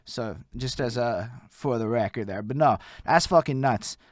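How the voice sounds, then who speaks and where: A young man from Montreal hosting a casual interview, excitable and profane, who keeps recapping what his guest says. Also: medium pitch, normal speed, no room sound, clean studio sound. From Montreal, Canada. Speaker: podcast host.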